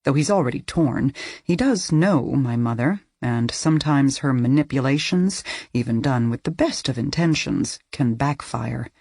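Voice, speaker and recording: A woman's voice: very deep voice, animated, normal speed, a little mellow, slightly rough, dry recording, studio quality. A woman reading a first-person thriller audiobook, with tense, emotional delivery. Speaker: audiobook narrator.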